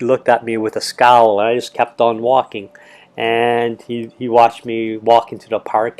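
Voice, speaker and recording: A middle-aged man casually recounting a travel experience, rambling with many fillers and restarts. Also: on the low side. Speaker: travel vlogger. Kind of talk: casual storytelling.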